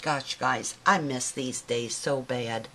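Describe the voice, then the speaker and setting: An older woman hosting a scrapbooking video, chatting warmly and sentimentally about her layouts and her grandson at home. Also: a bass voice, takes it slowly, slight background noise. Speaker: scrapbooking channel host. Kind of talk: casual craft video chat.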